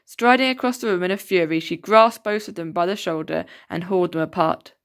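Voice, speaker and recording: A woman reading a children's novel aloud in a steady, expressive way. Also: on the low side, a little fast. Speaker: storybook reader.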